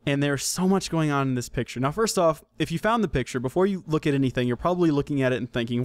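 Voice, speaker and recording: A man's voice: a little high, animated, fast talker, dry recording, studio quality. A man hosting a casual solo podcast, rambling, self-correcting and joking as he goes. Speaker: podcast host.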